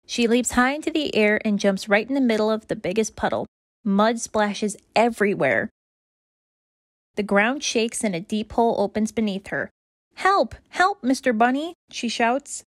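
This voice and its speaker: A woman reading aloud children's stories in a bright, expressive, rhythmic way. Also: mid-range voice, no echo, clean studio sound. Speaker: children's story reader. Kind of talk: read-aloud storytelling.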